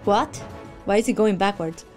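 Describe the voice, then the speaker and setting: A woman streaming a game playthrough, yelling and squealing in excited reactions as she plays. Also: mid-range voice, normal speed. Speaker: gameplay streamer. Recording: loud game music behind.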